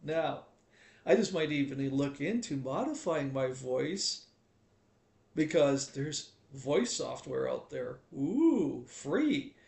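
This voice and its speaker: A man's voice: mid-range voice, gravelly. A man live streaming a game, talking casually in a chatty, teasing way that turns preachy. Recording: echoey room.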